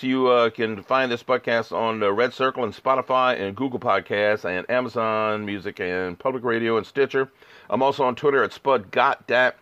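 A man's voice: medium pitch, moderate pace, fairly bright tone, clean tone, no room sound, dull audio. An older man, hosting a podcast in a rambling, laid-back drawl. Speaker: podcast host. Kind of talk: casual chat and read ads.

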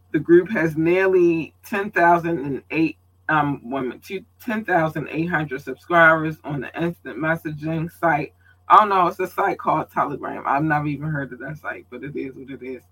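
A man's voice: a little high, animated, moderate pace, pushed and bright. A man from Baltimore hosting his own podcast in loose, casual chat, full of ums and slang asides. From Baltimore, Maryland. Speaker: podcast host.

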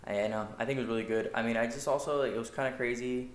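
A man's voice: mid-range voice, fairly even intonation, very fast, slight background noise. A young man co-hosting a podcast, chatting casually with laid-back slang like "dude" and "you know". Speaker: podcast co-host. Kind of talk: casual chat. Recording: echoey room.

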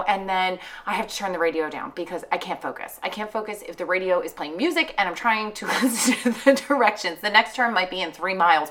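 A young adult woman hosting a podcast, telling stories in an animated, casual way and swearing freely. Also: mid-range voice. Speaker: podcast host. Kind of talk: casual chat.

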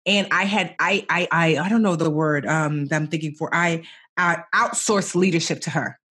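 A woman guest chatting casually in an interview, telling stories with animated asides and voicing herself in quotes. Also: deep voice, moderate pace, breathy edge. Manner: lively storyteller, animated self-quotes. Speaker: guest entrepreneur.

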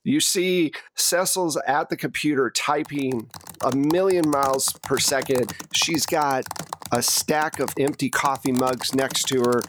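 A slow, unhurried man serving as game master, narrating a tabletop role-playing game. He is relaxed and laughs often as he sets the scene. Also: medium pitch, a little hiss or hum.

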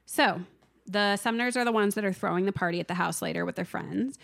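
A woman co-hosting a podcast, recapping a film in a casual, animated way and acting out its characters' lines. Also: mid-range voice, fairly quick, vocal fry. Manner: animated storytelling, acts out the film's lines. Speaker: podcast co-host. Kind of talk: casual movie recap chat.

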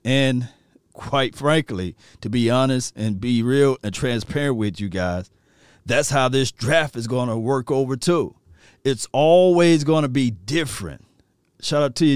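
A man hosting a casual sports podcast live stream, loose and slangy, shouting out viewers in the chat. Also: mid-range voice, unhurried, clear, resonant tone, no room sound, clean studio sound. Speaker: podcast host.

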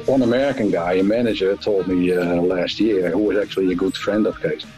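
A man's voice: low voice, steady tone, fairly quick, poor audio. Rambling man recalling the past over music. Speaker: interview guest. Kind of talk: interview recollection.

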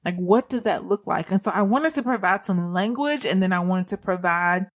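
A woman's voice: medium pitch, normal speed. Earnest young woman podcast host. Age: young adult. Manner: earnest, conversational, addresses listener as sis. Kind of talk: faith-based podcast talk.

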